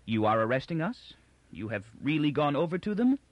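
A man voicing an anxious, weary young woman, lifting his voice higher and answering in a tired, evasive way. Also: big pitch swings, fairly quick, dry recording, highs cut off. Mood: alarmed. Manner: raised pitch, tired and evasive.

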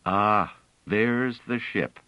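A man's voice: sits low, big pitch swings, unhurried, dry recording, highs cut off, exaggerated voice. A man doing a weary, firm male leader. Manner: terse, firm, commanding.

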